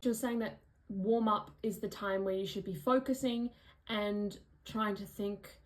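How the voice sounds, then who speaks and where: A woman's voice: medium pitch, fairly even intonation, a little slow, poor audio. A young Australian woman with an Australian accent, recapping a singing lesson in a chatty vlog full of "like" fillers. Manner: chatty, frequent "like" fillers, demonstrates vocal sounds. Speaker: vlogger, musical theatre singer.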